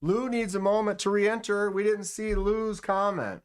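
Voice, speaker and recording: A man's voice: high-pitched, measured pace, smooth. A man hosting a live stream, casually reading viewer comments aloud and muttering to himself as he clicks through his screen. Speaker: live stream host running a giveaway.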